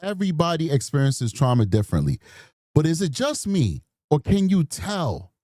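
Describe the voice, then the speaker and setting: A man's voice: fairly high pitch, sing-song, moderate pace, warm tone, no room sound, clean studio sound. A man hosting a true crime show in casual, rambling commentary, chatty with apologetic asides. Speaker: true crime podcast host.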